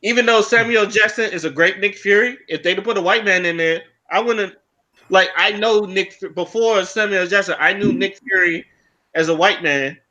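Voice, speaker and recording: A man co-hosting a podcast in casual chat, talking fast with hesitant ums. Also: sits high, bright, forceful tone, lo-fi sound. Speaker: podcast co-host.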